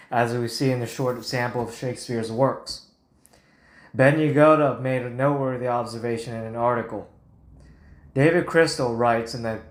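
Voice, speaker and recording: A man reading a prepared talk aloud as a Bible teacher, in a blunt and combative way. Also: mid-range voice. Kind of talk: scripted talk on Bible versions. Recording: roomy echo.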